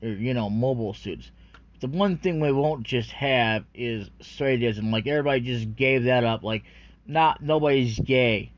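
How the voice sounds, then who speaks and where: A man's voice: medium pitch, moderate pace, dry recording. A man ranting in a rambling, unscripted way about anime, profane and full of fillers, on a dull lo-fi recording. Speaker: anime commentary vlogger.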